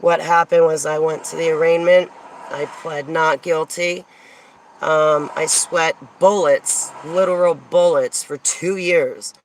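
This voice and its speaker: A woman's voice: deep voice, fairly even intonation, slow pace, a little hiss or hum, poor audio. A woman from New Jersey telling a rambling personal story in a casual monologue, digressing often and laughing as she goes.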